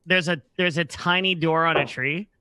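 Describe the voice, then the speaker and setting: Male player, high and very bright voice, dry sound, eager. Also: normal speed, clean tone, no echo. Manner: eager, curious questions. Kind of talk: tabletop game play.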